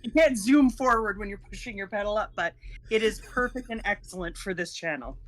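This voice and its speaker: A middle-aged woman co-hosting a live stream, chatting calmly with wry asides. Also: medium pitch, fairly quick, low-quality recording. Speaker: co-host, streamer's mother. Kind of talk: casual live-stream chat.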